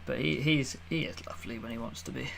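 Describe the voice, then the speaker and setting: A man's voice: medium pitch, quick pace, gravelly, fairly bright tone, slight background noise. A young man co-hosting a podcast, bantering casually and laughing at his own jokes. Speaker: podcast co-host. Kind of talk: casual chat.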